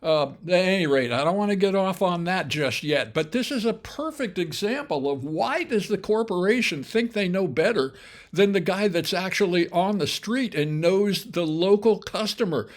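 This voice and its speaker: Older man, high-pitched wry storyteller. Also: lively intonation, normal speed. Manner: chatty and wry, with asides and self-corrections. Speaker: podcast host telling his own business history. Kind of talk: casual spoken memoir storytelling.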